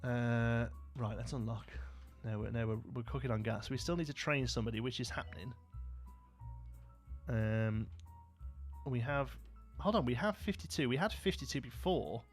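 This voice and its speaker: Male streamer, casual rambling commentary while playing, mid-pitched voice. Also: normal speed, soft background music. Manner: chatty and rambling, chats with viewers. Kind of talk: live gameplay commentary.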